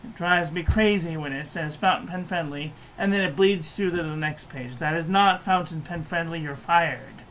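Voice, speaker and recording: A woman's voice: lowish voice, moderate pace, few pauses, a bit bright, a little hiss or hum, poor audio. A woman giving a casual, blunt and frankly profane review of pens and paper. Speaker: stationery reviewer.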